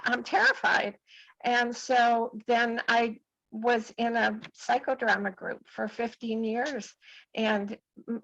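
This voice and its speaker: An older woman in her seventies speaks earnestly and haltingly, restarting her sentences as she shares her story. Her voice is gravelly and pitched a little high. The call audio sounds dull and lo-fi. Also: a bit bright, no echo. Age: 70s. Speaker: group call participant. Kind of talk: personal testimony.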